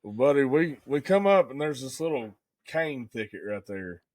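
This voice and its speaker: A man's voice: mid-range voice, expressive, normal speed, darkish tone, no echo. Folksy man telling a story. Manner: folksy storyteller, says "buddy" and "dude" a lot. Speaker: podcast co-host. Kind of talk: casual hunting story chat.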